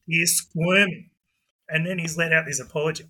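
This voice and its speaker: A man, a guest, telling a lively anecdote with quick asides. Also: on the high side, low-quality recording. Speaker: guest, budgie club president. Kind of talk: animated storytelling.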